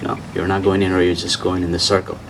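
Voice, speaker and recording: A man giving an informal spiritual talk and answering questions, repeating his points insistently in slightly broken English and laughing softly. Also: deep voice, little pitch movement, fast, gravelly, recorded from a distance, background noise. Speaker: spiritual teacher.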